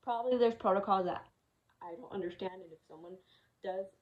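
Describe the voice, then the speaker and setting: A woman's voice: medium pitch, a little fast, highs cut off. Young woman venting through a frank storytime. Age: young adult. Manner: candid, emotional retelling with frequent swearing; frustrated, exasperated tone. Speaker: vlogger. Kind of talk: personal storytime vlog.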